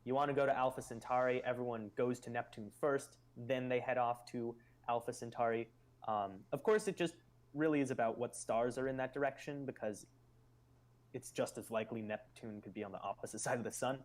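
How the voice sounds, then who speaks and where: A man's voice: medium pitch, a little fast. A man hosting a live stream, explaining ideas in casual chat and musing aloud with loose fillers.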